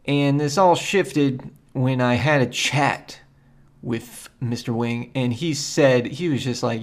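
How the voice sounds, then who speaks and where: A man's voice: mid-range voice, slow. A man hosting a solo spiritual podcast, rambling and meandering in a loose, conversational way and often repeating himself. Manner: loose and conversational, with frequent ums and asides. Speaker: podcast host.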